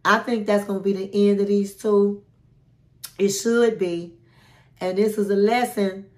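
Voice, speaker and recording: A woman's voice: mid-range voice, fairly even intonation, unhurried. A chatty woman recapping a reality show in a casual, dramatic way. She acts out what the cast said and keeps calling the listener honey.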